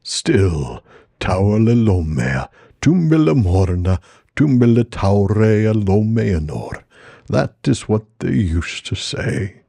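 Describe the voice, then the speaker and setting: A man voicing an ancient, slow-spoken male tree giant who draws out his words in a measured way. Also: fairly low pitch, very animated, creaky, dark tone, slightly rough, dry recording, heavily acted. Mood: wistful.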